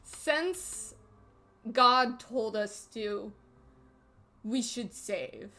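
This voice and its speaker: A woman's voice: a little high, very slow, sharp tone. A woman streamer giving casual, joking commentary while playing a game, crude and often cutting herself off. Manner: joking, crude, self-interrupting.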